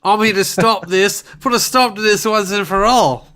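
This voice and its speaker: A man doing a mocking impression of an angry, bossy man guarding a mailbox, talking rapidly and aggressively. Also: sits high, sharp tone, smooth.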